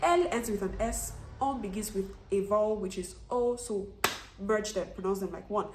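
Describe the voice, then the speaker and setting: A woman's voice: medium pitch, normal speed, roomy sound, noisy background. A woman teaching French online, who puts questions to her learners and then answers them herself. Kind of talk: online language lesson.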